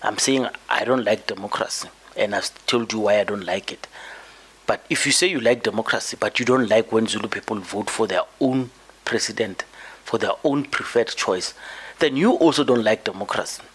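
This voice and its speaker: A man's voice: on the low side, moderate pace, fairly bright tone, breathy edge. A man hosting a podcast, delivering an emphatic political commentary monologue and often repeating words as he builds his point. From South Africa. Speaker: podcast host.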